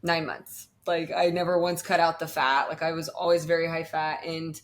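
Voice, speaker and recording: A woman's voice: sits low, little pitch movement, brisk. A young woman talking casually about her bodybuilding prep, chatty and full of fillers. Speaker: bodybuilding competitor, guest. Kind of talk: casual podcast chat.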